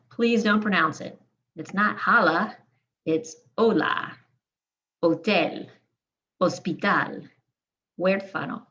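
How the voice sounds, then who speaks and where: Woman language teacher, unhurried and precise, models each word in turn; slightly muffled recording. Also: lowish voice. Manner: models words one by one in deliberate lists. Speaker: Spanish teacher. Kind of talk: slow, careful pronunciation lesson.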